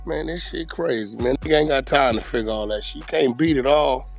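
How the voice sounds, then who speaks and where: A man's voice: mid-range voice, a little fast, vocal fry, faint music behind. A man talking casually on a podcast in a blunt, streetwise, profane way.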